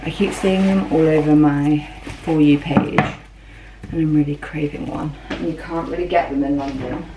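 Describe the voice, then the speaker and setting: Young woman vlogging at home, low voice, chatty and matter-of-fact, bit of background noise. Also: steady tone, normal speed. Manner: chatty, matter-of-fact commentary while showing things. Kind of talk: casual vlog chat. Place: home, indoors.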